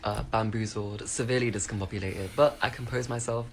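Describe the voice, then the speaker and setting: A woman's voice: a bass voice, fairly even intonation, fairly quick, a little hiss or hum. A woman with a British accent telling a story to camera in a wry, exasperated way. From United Kingdom.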